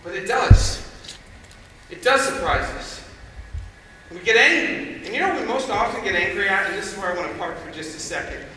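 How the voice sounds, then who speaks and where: A man giving a chapel sermon, telling stories conversationally and building to loud emphasis, recorded from far off in a large hall. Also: sits high, animated, normal speed, a little hiss or hum. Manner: conversational storytelling, rising to shouts. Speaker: chapel speaker.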